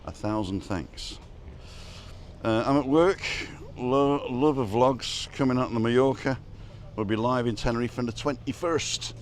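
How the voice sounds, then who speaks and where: A man's voice: medium pitch, fairly even intonation, normal speed, few pauses, slight background noise. A middle-aged English man chatting and joking while filming a walk by the sea. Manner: jokey, chatty, teasing. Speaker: vlogger filming a walkabout. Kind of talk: casual chat. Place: outdoors by a seaside street.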